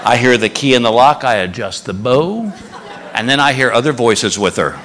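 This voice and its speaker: A man's voice: normal speed, a little hiss or hum. A man doing stand-up comedy, telling a story and acting out the other people's voices. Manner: animated, acts out voices in high pitch. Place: comedy club stage. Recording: live club recording with crowd and reverb. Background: audience laughter.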